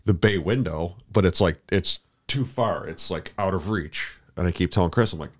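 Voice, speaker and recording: A man's voice: low-pitched, normal speed, hardly any pauses. A man co-hosting a podcast, talking in a rambling casual way with many restarts and fillers. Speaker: podcast co-host. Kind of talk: casual chat.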